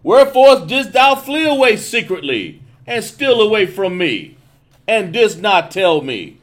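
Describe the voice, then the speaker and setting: A man in a bible study reading verses aloud slowly and haltingly, in a loud raised voice. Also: high voice, big pitch swings.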